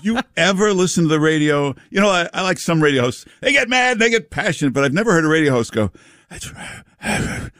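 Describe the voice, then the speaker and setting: A man hosting a talk radio show, joking and mocking in a casual, lively way. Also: a little high, fast, hardly any pauses, no echo, clean studio sound. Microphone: studio mic.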